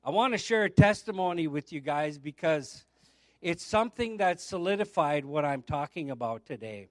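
High-voiced man preaching a story. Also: expressive, moderate pace, dry recording, studio quality. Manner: storytelling, acts out the voices in his anecdotes. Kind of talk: sermon with a told testimony.

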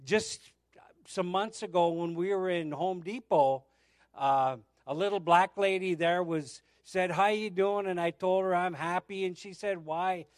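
A man's voice: high-pitched, steady tone, measured pace, dry recording, studio quality. A middle-aged man preaching a sermon, telling a testimony and acting out the voices of the people in it. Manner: storytelling, acts out the voices in his anecdotes.

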